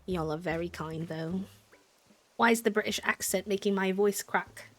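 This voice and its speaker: A young woman streaming a life-sim game, chatting casually and bubbly, thanking viewers and sometimes dropping to a soft whisper. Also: mid-range voice, normal speed, slight background noise. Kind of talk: casual live-stream chat while gaming.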